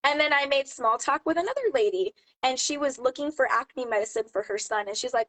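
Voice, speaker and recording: Woman, high voice, chatty, animated storyteller, casual advice. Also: brisk, few pauses, poor audio. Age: adult mom. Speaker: jewelry seller and channel host. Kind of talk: casual advice talk to camera.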